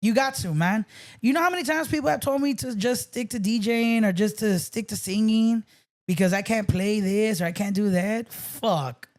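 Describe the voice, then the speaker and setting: A man's voice: sits high, normal speed, darkish tone. Guy rambling thru stories on a podcast, swears a lot, drops spanish words. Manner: loose, swearing storyteller, mixes in Spanish. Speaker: podcast guest, DJ. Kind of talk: casual chat.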